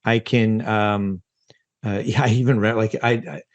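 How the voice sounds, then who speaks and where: A man's voice: fairly low pitch, unhurried, no echo, muffled recording. Rambling self-mocking man, dry close mic. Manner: rambling, self-mocking, with restarts and bursts of animated quoting. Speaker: ADHD coach and podcast guest. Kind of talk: casual podcast chat.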